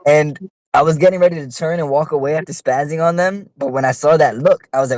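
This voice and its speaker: A man's voice: on the high side, fast talker, darkish tone, no room sound, poor audio. A man telling a long, profane story on a casual podcast, with heated delivery. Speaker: podcast co-host.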